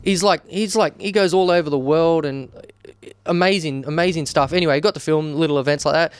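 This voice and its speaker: A man's voice: on the high side, fairly quick, smooth, no room sound. An Australian man in his thirties, a wedding videographer, chatting casually as a guest and telling stories with animation and many restarts. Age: 30s. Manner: animated storyteller, lots of restarts. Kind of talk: casual chat.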